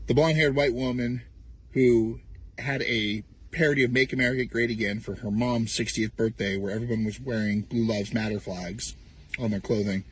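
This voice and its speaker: A man's voice: medium pitch, fairly even intonation, moderate pace, slightly rough. A man in a played online clip, ranting sarcastically and mocking his opponents. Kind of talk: sarcastic social media rant.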